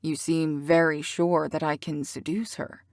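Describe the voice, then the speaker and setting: A woman's voice: low voice, fairly even intonation, normal speed, no echo, clean studio sound. A woman voicing a cocky teasing bad boy. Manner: teasing, smooth, full of innuendo. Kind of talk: audiobook character reading.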